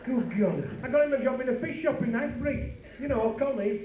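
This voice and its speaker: Bawdy club comic, high voice. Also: male voice, expressive, dark tone. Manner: bawdy, rapid patter with asides to the crowd. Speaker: club comedian. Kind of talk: stand-up comedy. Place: working men's club stage. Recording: echoey room from far off, noisy.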